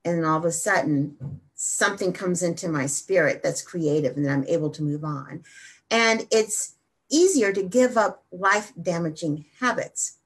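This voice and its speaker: A woman hosting a wellness show, talking energetically and then slowing down to guide a simple meditation. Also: fairly low pitch, breathy edge. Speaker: wellness host.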